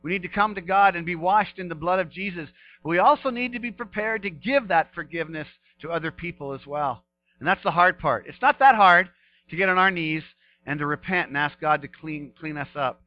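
A man preaching a sermon and reading scripture aloud, his delivery rising to emphatic peaks and dropping soft again. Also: high voice, brisk, lo-fi sound. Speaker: pastor.

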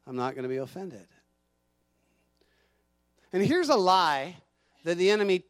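Man, middle-aged, animated sermon, high voice, dry sound. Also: no echo. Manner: animated preaching, acts out quoted voices. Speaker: pastor.

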